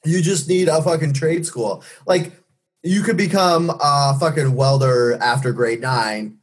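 A man's voice: on the high side, unhurried. A man co-hosting a casual podcast chat, rambling and sarcastic, swearing freely. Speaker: podcast co-host.

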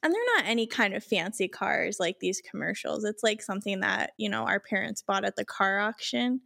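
A woman's voice: medium pitch, lively intonation, creaky, bright, forceful tone. A woman in casual podcast chat, telling a story with frequent laughter. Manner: laughing storyteller, quick giggles.

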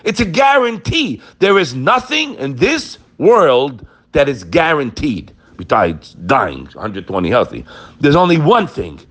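A man's voice: mid-range voice, wildly swooping pitch, a little slow, a bit bright. A man giving an emphatic daily Torah talk, weaving Hebrew quotations into English and calling his listeners "guys". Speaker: Torah teacher.

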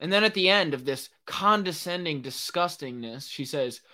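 A young man hosting a solo podcast, ranting excitably in casual speech, with lots of fillers and swearing. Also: on the high side, moderate pace, few pauses. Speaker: podcast host. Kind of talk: solo rambling podcast monologue.

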